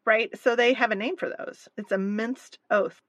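A woman's voice: on the high side, steady tone, moderate pace, a bit bright, no room sound, highs cut off. Wry woman co-host, dry close sound. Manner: wry, reads from notes, dry jokes. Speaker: podcast co-host. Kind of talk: casual chat.

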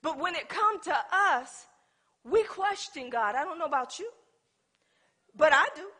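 A woman preaching a lively sermon, acting out little scenes and talking back to God with humor. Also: high voice, measured pace. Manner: animated, playful, acts out little scenes.

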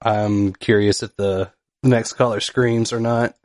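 A man's voice: fairly low pitch, fairly even intonation, takes it slowly, a little mellow, a little hiss or hum. A man co-hosting a podcast in casual, joking chat. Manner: playful, joking. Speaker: podcast co-host.

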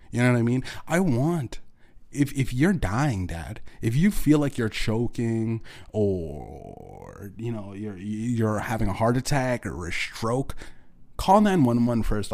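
A man from Canada hosting his own podcast, ranting alone in a bitter, profane and rambling way, tripping over restarts and now and then bursting into shouts. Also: medium pitch. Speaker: podcast host. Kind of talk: angry solo rant.

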